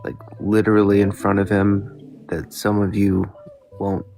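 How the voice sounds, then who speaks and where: A man with a low, gravelly voice presses questions in a relaxed live-stream debate. He talks casually and steadily, pushing his point one question at a time. Soft guitar music plays faintly behind him. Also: measured pace. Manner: probing, questioning.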